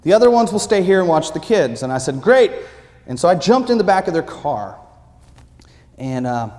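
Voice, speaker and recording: Man preaching a story in a reverberant sanctuary. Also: fairly high pitch. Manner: animated personal anecdote with acted-out quotes. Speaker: pastor. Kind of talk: sermon storytelling. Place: church sanctuary. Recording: long reverb of a church sanctuary.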